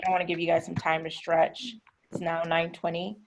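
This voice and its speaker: A woman with a Southern American accent, teaching an English class over a video call and explaining patiently with drawn-out words. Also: fairly low pitch, steady tone. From southern United States. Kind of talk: online class instruction.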